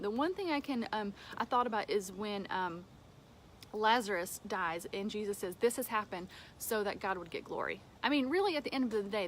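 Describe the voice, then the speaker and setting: A woman giving an informal devotional talk from home, conversational, with fillers and soft laughs. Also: medium pitch, slight background noise. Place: home with a dog nearby.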